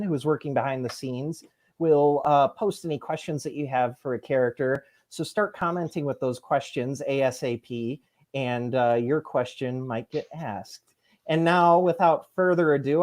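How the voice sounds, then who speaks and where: A man's voice: mid-range voice, darkish tone. A man hosting an improv game show in an upbeat, announcer-like way.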